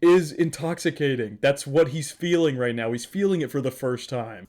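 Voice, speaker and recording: A man's voice: on the high side, lively intonation, moderate pace, few pauses. A man giving casual, emotional anime reaction commentary, gushing and repeating himself.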